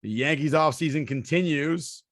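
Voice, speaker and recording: A man's voice: a little high, moderate pace, fairly bright tone, no room sound. A man with a slightly raised voice trades blunt opinions on a sports podcast. He argues his picks and waves off anyone who disagrees, recorded dry and close to the mic. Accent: New Jersey. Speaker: podcast co-host. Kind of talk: casual sports chat.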